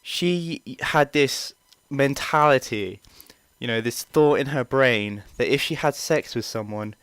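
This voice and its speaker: A young man tells a story in a loose, chatty way, full of fillers and the odd swear word. His voice is smooth and very clear. The recording is dry, with no room sound. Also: medium pitch, a little slow, fairly bright tone, dry recording. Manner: rambling, chatty, swears freely, many fillers. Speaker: vlogger. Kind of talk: casual storytelling.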